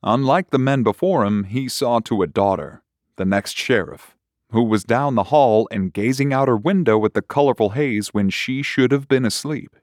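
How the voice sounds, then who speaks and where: A man reading a horror short story aloud in a measured, unhurried way. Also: medium pitch, a little mellow, no room sound, studio quality. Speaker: narrator. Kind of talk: scripted horror story narration.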